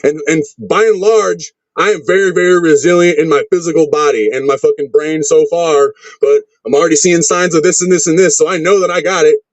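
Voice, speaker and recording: A man's voice: on the high side, steady tone, brisk, few pauses, no echo. A man in his thirties, a wrestler, rambling in a casual interview and swearing constantly. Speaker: wrestler, podcast guest. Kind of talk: casual profane interview chat. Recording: dull lo-fi sound.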